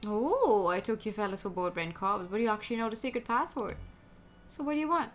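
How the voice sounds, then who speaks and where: A woman's voice: medium pitch, lively intonation, fairly quick, slight background noise, close to an everyday voice. A woman voicing a shady male crocodile dealer in a game, brusque and impatient. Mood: suspicious. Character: shady male crocodile black-market dealer, gruff and greedy.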